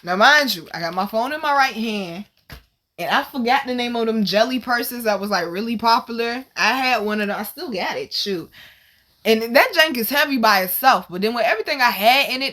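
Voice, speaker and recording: A woman hosting her vlog, retelling a story in casual, animated, slang-heavy talk with plenty of swearing. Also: a little high. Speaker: vlog host.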